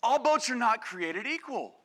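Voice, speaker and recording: A man preaching a sermon to a congregation, energetic and calling on the crowd, acting out quoted voices. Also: very high-pitched, measured pace. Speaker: pastor. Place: church service.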